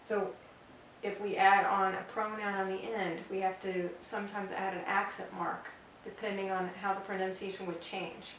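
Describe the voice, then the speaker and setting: A woman teaching a grammar lesson, explaining step by step and repeating example phrases slowly. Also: mid-range voice, little pitch movement, a bit bright, slight background noise. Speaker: Spanish teacher. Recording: echoey room, voice from far off.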